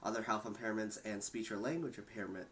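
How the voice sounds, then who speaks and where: A man with a somewhat low voice reads out percentages and research findings in a steady, measured way. He stumbles slightly now and then, but his delivery stays even and informative. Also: slight background noise, low-quality recording. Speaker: podcast host reading statistics. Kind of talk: reading statistics aloud in a casual discussion.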